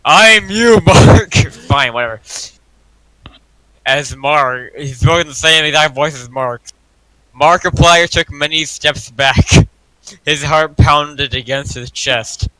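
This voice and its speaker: A young man reading a horror story aloud as a joke. He is loud, swears and laughs a lot. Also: on the high side, fairly even intonation, takes it slowly, clean tone, no echo, low-quality recording. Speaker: reader.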